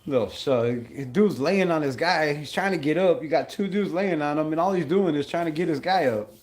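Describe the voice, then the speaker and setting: A man hosting a live game-watch stream, excitable and blunt, calling plays, griping about flags and greeting chat viewers. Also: fairly high pitch, normal speed. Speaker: livestream host.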